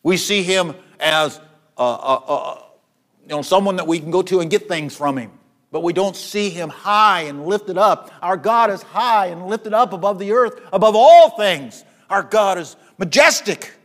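A man preaching a sermon, rising to loud, high repetitions and dropping to soft, low passages, often restarting his phrases. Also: expressive, a little slow. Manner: repeats words and restarts phrases.

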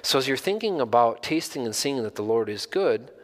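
A man's voice: mid-range voice, animated, a little fast. Earnest male preacher in a reverberant hall. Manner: earnest, stresses key phrases, rises when emphatic. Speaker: pastor. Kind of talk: sermon.

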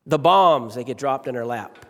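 Preaching to his congregation in a church sanctuary, a middle-aged pastor speaks with a mid-range voice, lively intonation and normal speed. He repeats key phrases forcefully and varies his pace and volume, while the hall adds a long reverb.

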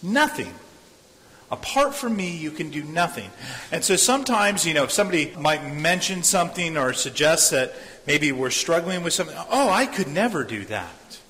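A man's voice: a little high, lively intonation, normal speed, pushed and bright. A man preaching a sermon as a pastor. He speaks earnestly, repeats his phrases and acts out the voices of people he quotes. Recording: long hall reverb.

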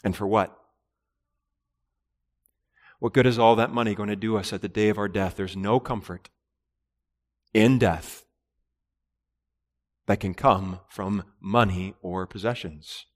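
A man's voice: lowish voice, fairly even intonation, measured pace, pauses often, in a large hall. A man preaching a sermon in an earnest, emphatic way, with repeated phrases and rhetorical questions. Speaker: pastor.

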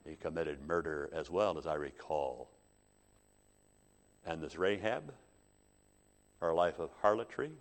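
A male preacher delivering a sermon, dramatic, swinging from hushed asides to loud emphasis. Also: very deep voice, animated, measured pace, long pauses. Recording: long hall reverb.

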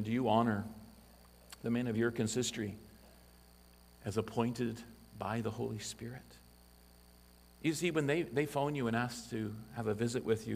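Male pastor, sermon delivery, rough gravelly tone, rhetorical questions, reverberant sanctuary. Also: fairly low pitch, slight background noise. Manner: preaching with rising emphasis and rhetorical questions.

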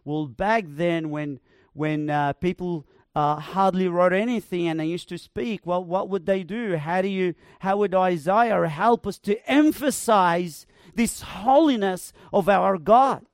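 A male preacher delivers a sermon in a high, unhurried voice. He builds to emphatic proclamations and lingers on repeated words. The sound is dry and close. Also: no room sound. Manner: emphatic, rising to proclaim with slow repeated phrases.

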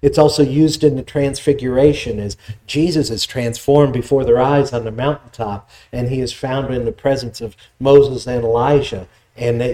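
Male pastor, mellow tone, conversational sermon delivery. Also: medium pitch. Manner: explanatory, conversational preaching with restarts.

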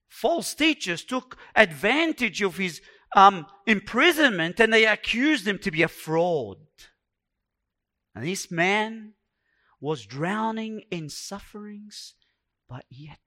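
High-voiced preacher, slow and dramatic. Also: male voice. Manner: dramatic preaching, swinging from hushed to loud; acts out quoted complaints in a raised voice. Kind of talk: sermon.

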